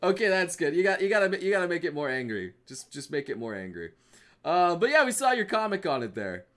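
A young man chatting casually on a live stream, reading memes aloud, excitable and profane. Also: high-pitched, brisk. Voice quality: excitable, profane, laughs often.

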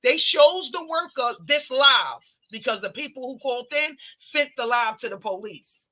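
A woman's voice: sits high, moderate pace. A woman host of a commentary channel, retelling events in casual chat and quoting the people involved. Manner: animated retelling, quoting others.

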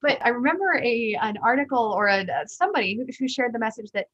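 A woman's voice: a little high, expressive, quick pace, a bit bright, dry recording. A woman hosting a podcast interview, talking in an earnest, conversational way and often repeating words as she thinks aloud. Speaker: podcast host. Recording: slightly dull lo-fi sound.

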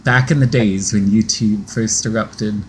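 A woman's voice: a bass voice, steady tone, measured pace, slight background noise, low-quality recording. A woman joking and teasing as a panelist on a comedy game show. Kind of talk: casual banter.

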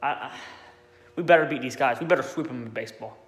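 A man ranting bluntly about his teams in a sports vlog, talking in an exasperated, animated way with frequent fillers. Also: mid-range voice, quick pace. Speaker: sports vlogger. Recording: echoey room with long reverb.

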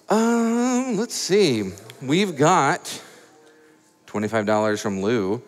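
A man's voice: mid-range voice, very animated, takes it slowly, faint music behind. A man from Atlanta, hosting a live charity event on stage in front of a crowd with playful, showy emcee patter. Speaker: marathon host. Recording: long hall reverb.

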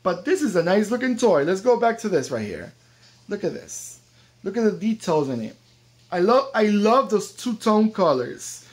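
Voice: mid-range voice, sing-song, moderate pace. An American toy collector reviewing a diecast model car in a casual vlog, chatty and enthusiastic, with the odd joke. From United States.

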